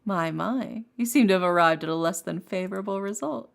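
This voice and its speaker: A woman voicing a formal, mysterious guide who addresses the player in a measured way. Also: mid-range voice, creaky, natural voice.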